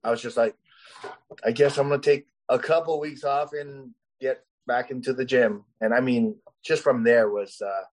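A man's voice: medium pitch, fairly even intonation, moderate pace, slight background noise, rough recording. A man, a professional fighter, telling stories in a casual interview, rambling and full of fillers. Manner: rambling, heavy with "you know" and "uh" fillers.

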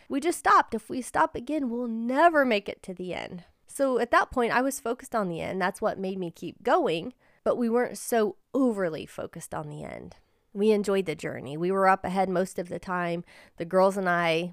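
A woman's voice: mid-range voice, no room sound, clean studio sound. A woman hosting a personal storytelling podcast, telling a story in an earnest, encouraging way. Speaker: podcast host and life coach.

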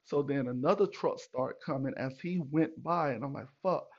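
A man hosting a podcast, telling a story in a casual, animated and profane way, acting out what people said. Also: medium pitch, normal speed, vocal fry, highs cut off. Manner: animated, profane, retells with acted quotes. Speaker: podcast host.

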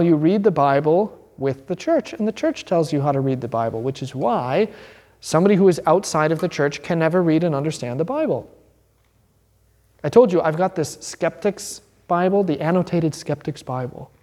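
A high-voiced male pastor leads an informal Bible class. His delivery is animated and joking, and his pitch rises and falls freely. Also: normal speed.

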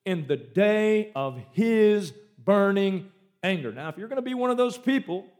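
Male pastor, sermon delivery, high-pitched and emphatic. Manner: emphatic preaching with dramatic shifts in pace and loudness.

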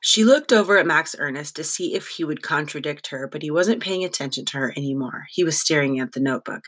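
A narrator reading a children's novel aloud in a wry, lively storytelling manner. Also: medium pitch, fairly quick, breathy edge. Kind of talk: audiobook narration.

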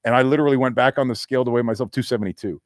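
A man's voice: medium pitch, racing, no echo, studio quality. A middle-aged man, a former football player, telling a story in a casual interview and acting out the voices he quotes.

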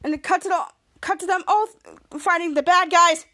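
Woman, podcast host, very high-pitched, casual rambling recap, frequent restarts. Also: steady tone, moderate pace, bright, forceful tone. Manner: rambling, with restarts and stumbles over words.

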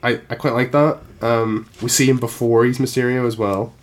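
A man's voice: mid-range voice, steady tone, normal speed. A man co-hosting a casual podcast chat. He is blunt and rambling, with lots of filler words and the odd swear. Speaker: podcast co-host. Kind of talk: casual chat about games and films.

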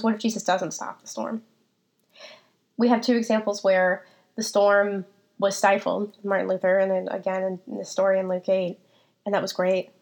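A woman hosting a faith podcast, talking reflectively and personally about scripture and her own struggles, with frequent ums and restarts. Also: medium pitch. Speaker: podcast host.

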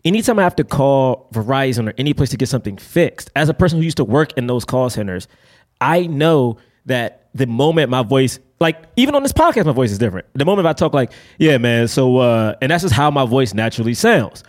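A young man co-hosting a casual film-review podcast, talking in an emphatic, animated way with casual swearing. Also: mid-range voice, fast. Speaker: podcast co-host.

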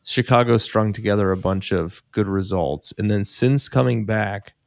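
A man's voice: on the low side, normal speed, vocal fry, no room sound, studio quality. A man hosting a soccer podcast, moving the talk along in casual chat. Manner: steering the talk, laughs easily. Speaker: podcast host.

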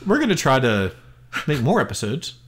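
A man co-hosting a podcast in casual chat, animated, with frequent laughs and stumbling restarts. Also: medium pitch, normal speed, slight background noise. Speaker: podcast co-host.

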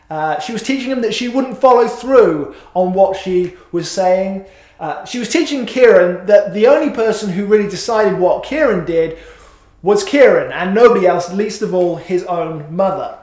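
A man's voice: sits high, darkish tone. A middle-aged man preaching a sermon in a church, chatty and self-mocking, with many "uh"s. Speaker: pastor. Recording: echoey hall.

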